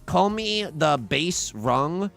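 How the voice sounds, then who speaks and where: A man's voice: a little high, sing-song, extremely slow, vocal fry, a bit bright, soft background music. A young man streaming a tile game, joking casually and chatting with his viewers. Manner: playful, jokey, chatting with viewers. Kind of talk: casual livestream commentary while playing.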